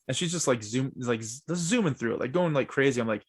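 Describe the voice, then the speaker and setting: A male podcast host with a voice of ordinary middle pitch. He spins stories in a loose, animated way, peppered with swearing. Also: fast talker, husky. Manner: animated storyteller, swears a lot. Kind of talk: casual chat.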